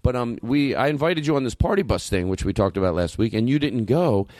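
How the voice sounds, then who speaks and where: A man's voice: medium pitch, lively intonation, a little fast, darkish tone, dry recording, clean studio sound. A man hosting a comedy podcast, chatting in a rambling, self-mocking way full of restarts and fillers. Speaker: podcast host. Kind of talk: casual comedy chat.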